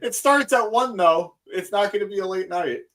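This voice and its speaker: A man's voice: high voice, normal speed, a bit bright. A man co-hosting a podcast who chimes in with short, punchy remarks. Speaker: podcast co-host. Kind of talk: casual chat.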